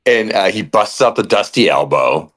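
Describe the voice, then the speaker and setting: A man on a podcast with a fairly low voice that swings widely in pitch. He recaps with a ranting, animated energy and swears freely. The talk is loose and chatty. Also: normal speed. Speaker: podcast co-host. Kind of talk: casual wrestling podcast chat.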